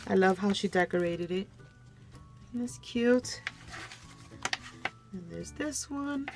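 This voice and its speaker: Over music, a woman hosting a crafting channel speaks slowly and creakily but expressively while unboxing a gift package at her home craft desk. She is getting a cold and her energy is a bit low, yet she gushes about each item and keeps talking to "you guys" in a casual show-and-tell.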